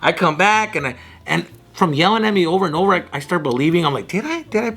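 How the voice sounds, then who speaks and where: A young man telling loud, animated stories among friends, swearing freely and mimicking his dad. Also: on the high side, quick pace, slightly rough. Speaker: guest. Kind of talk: casual storytelling among friends.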